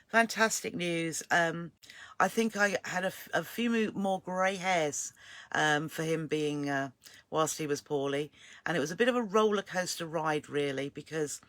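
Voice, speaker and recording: A woman's voice: fairly low pitch, fairly bright tone, no room sound. An older woman hosts a live sewing stream, chatting casually and greeting viewers by name. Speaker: sewing channel host.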